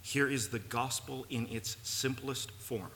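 Man preaching a sermon, bright tone, slow deliberate delivery, long church reverb. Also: mid-range voice. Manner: earnest, rising to emphatic peaks. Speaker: pastor. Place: church sanctuary. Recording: long reverb, faint room noise.

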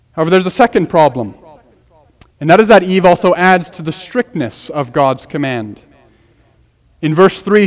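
A man preaching an expository sermon as pastor, earnest and emphatic, repeating key phrases for weight. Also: sits high. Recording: long hall reverb.

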